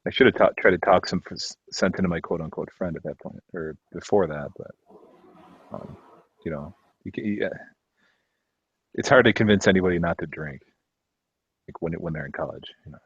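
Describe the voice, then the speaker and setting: A man's voice: low voice, fairly quick, pauses often, husky, dry recording. A man telling a personal story in casual chat, hesitant, with many restarts and offhand swearing. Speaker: discussion participant. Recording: dull, muffled mic.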